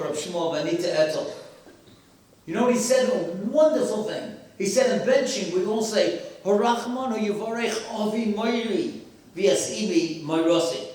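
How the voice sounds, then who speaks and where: A man's voice: high voice, a little mellow. A man giving an emphatic sermon-style talk with stories and rhetorical questions to an audience in a hall. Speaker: speaker at a memorial gathering. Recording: very echoey hall, voice far from mic.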